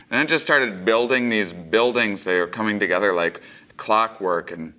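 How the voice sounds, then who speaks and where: A man telling a comic story, animated and acting out the voices, jumping high when he plays his own panic. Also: moderate pace, slight background noise. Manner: animated, acts out voices, big pitch jumps for panic. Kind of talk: comedic storytelling.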